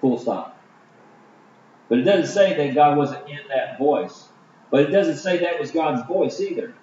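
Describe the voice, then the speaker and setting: A man with a fairly high voice preaches a Bible study sermon, talking haltingly with many fillers and restarts. He sounds far from the mic in a very echoey hall. The recording is dull and lo-fi, with faint noise behind him. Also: animated, mellow. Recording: distant, roomy, dull lo-fi.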